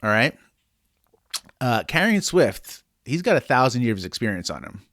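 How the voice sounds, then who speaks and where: A man's voice: mid-range voice, big pitch swings, normal speed, fairly bright tone, no echo, studio quality. A man co-hosting a casual book-club podcast, joking, swearing and reading listener messages aloud. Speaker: podcast co-host.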